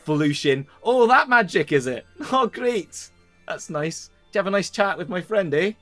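A man's voice: high voice, lively intonation, normal speed, a bit bright, faint music behind, pitched above the performer's own voice. A man voicing an imperious, irritated female ruler in a tabletop game, talking in a sarcastic, scolding way.

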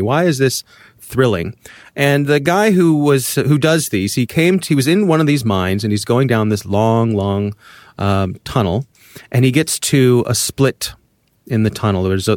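A man co-hosting a podcast, musing aloud in casual chat at a measured, thoughtful pace. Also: medium pitch, no room sound, studio quality. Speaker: podcast co-host.

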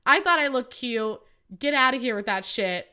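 A woman's voice: fairly high pitch, lively intonation, normal speed, pushed and bright, clean tone. A young woman hosting a podcast, chatting casually, swearing freely and acting out what people said. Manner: chatty, swears freely, acts out quotes in a raised voice. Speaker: podcast host. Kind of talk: casual chat.

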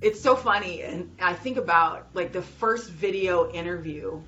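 A woman hosting a podcast interview, bubbly and excitable, laughing often. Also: fairly low pitch, normal speed, lo-fi sound, soft background music. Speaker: podcast host. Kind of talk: enthusiastic interview chat.

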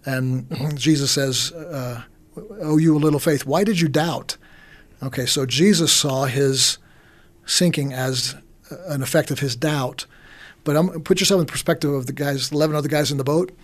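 A man's voice: medium pitch, fairly even intonation, normal speed, a bit bright. A man in casual conversation about faith and doubt, rambling, repeating words and using many fillers.

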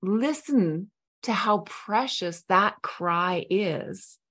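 A middle-aged woman hosting a podcast, telling a personal story in a heartfelt, earnest way with soft pauses. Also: mid-range voice, expressive, breathy edge. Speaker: podcast host. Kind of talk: reflective storytelling monologue.

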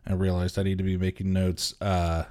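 A man's voice: sits low, monotone, fairly quick, a little mellow. A man co-hosting a podcast in casual chat, rambling and hesitant with many restarts, laughing easily. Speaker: podcast co-host.

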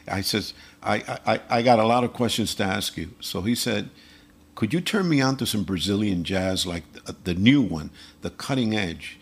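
Gravelly, husky man telling lively stories. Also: fairly low pitch, moderate pace. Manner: animated anecdote-telling with quoted dialogue and chuckles. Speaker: guest musician, percussionist and vocalist. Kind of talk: storytelling in a casual interview.

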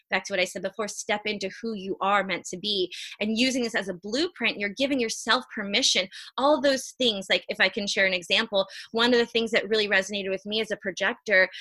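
A high-energy woman with a bright, forceful voice talks earnestly as a guest in a relaxed interview. She moves along quickly and keeps her tone lively. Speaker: human design reader, podcast guest. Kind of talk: casual interview chat.

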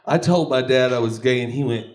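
A man doing a stand-up comedy set, crude and animated, often laughing between lines. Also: mid-range voice, a little fast. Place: comedy club stage.

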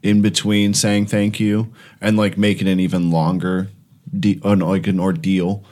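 A man's voice: sits low, level tone, a little slow, a little mellow. A male stand-up comedian in a casual chat, speaking hesitantly and with self-deprecation.

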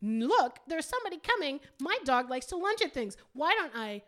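Woman cohost on a podcast, casual chat, swears a lot, kinda high voice. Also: sing-song, moderate pace, fairly bright tone. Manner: profane, ranting. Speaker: podcast co-host.

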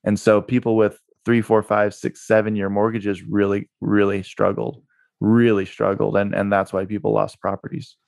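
Podcast guest: man, low voice, energetic anecdote-driven talker, dry studio sound. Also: moderate pace, gravelly, dry recording. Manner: energetic storyteller who repeats words for emphasis. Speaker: guest, real estate investor and broker. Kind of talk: podcast interview. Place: Utah.

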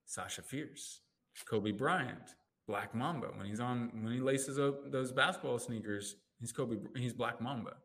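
In a relaxed interview, a male life coach who practices NLP walks through his methods at an unhurried pace. He's animated, voicing inner thoughts with leaps in pitch.

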